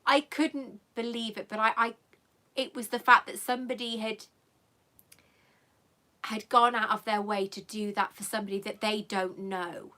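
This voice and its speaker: Pushed and bright in a mid-range voice, this channel host talks at a moderate pace with fairly even intonation. She's running a live stream, rambling warmly and emotionally to viewers until she's nearly crying.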